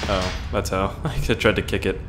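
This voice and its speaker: A young man from Canada giving excitable, profane let's play commentary, laughing and reacting loudly as he plays. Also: low voice, moderate pace. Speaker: gaming channel host. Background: game music and sound effects.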